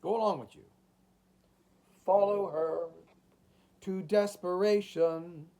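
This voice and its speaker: Audiobook: male reader as a heartless shopkeeper landlord, quiet threats, slow and deliberate. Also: high voice, fairly even intonation. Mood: threatening. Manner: speaks softly, menacing.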